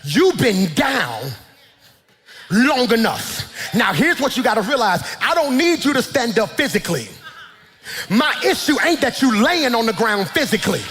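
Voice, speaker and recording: High-voiced, fervent shouting pastor. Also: male voice, very animated, brisk, long reverb tail, slight background noise. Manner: fervent preaching, shouting in rising calls. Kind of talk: sermon.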